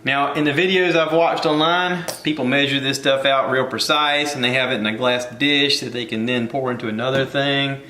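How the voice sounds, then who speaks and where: A man's voice: medium pitch, fairly even intonation, normal speed, hardly any pauses, pushed and bright, roomy sound, a little hiss or hum. A man hosting a casual cooking video from his home kitchen, rambling and joking at his own expense. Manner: rambling, jokey, self-deprecating.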